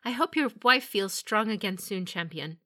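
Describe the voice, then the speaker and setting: A woman's voice: mid-range voice, animated, moderate pace, pushed and bright, voice pushed up. A woman voicing a composed, proud female dragon samurai who speaks with stiff, formal politeness. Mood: stiffly polite.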